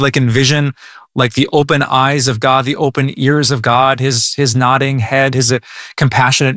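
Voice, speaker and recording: A man's voice: medium pitch, a bit bright, no echo, clean studio sound. A male pastor teaching about prayer in an earnest, conversational way, often stammering and repeating words. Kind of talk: devotional teaching.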